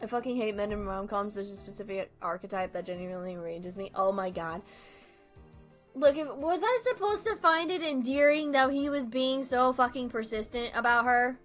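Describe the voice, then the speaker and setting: A woman's voice: fairly high pitch, lively intonation, moderate pace, soft background music. Exasperated young woman ranting about a film. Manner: exasperated, swears often, laughs while ranting. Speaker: video creator. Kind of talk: casual chat, movie rant.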